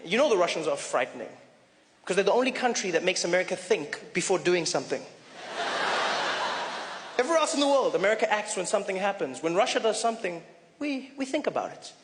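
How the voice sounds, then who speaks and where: High-voiced stand-up comic in a theater. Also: male voice, brisk. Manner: animated, storytelling, pitch jumps for emphasis. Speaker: stand-up comedian. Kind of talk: stand-up comedy routine. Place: theater stage, live audience. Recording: reverberant live theater with audience noise.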